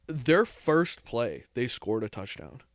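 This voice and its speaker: A young man from New England talks through a story on a podcast. His pitch is middling, his talk loose and profane, with "like" all over it. The sound is dry and close. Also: very animated, takes it slowly, no room sound. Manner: rambling, heavy swearing, lots of "like". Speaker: podcast host. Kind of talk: casual storytelling chat.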